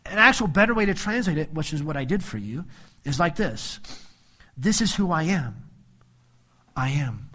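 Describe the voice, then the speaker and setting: A man with a fairly high voice delivers an animated sermon. He walks through a Bible passage verse by verse and drops into playful voices for the people he quotes. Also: breathy edge. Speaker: pastor.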